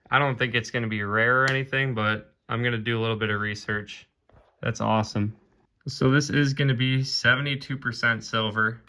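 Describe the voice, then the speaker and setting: A man narrating his own coin hunting video in a casual, excited way, often calling out to viewers as "guys". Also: mid-range voice. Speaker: coin roll hunting vlogger.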